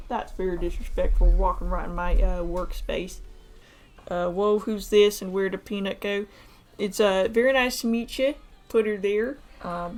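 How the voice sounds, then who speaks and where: A woman's voice: mid-range voice, natural voice. Woman doing a crude old redneck uncle. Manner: rambling, crude, deadpan bragging. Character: old retired male war-veteran uncle, gruff and folksy. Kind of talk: live-streamed model kit build, in character.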